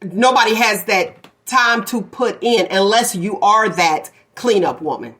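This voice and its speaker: A woman's voice: medium pitch, unhurried, fairly bright tone. A woman hosting a casual talk show, blunt and opinionated, laughing often as she gives her views. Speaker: podcast host. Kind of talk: casual chat.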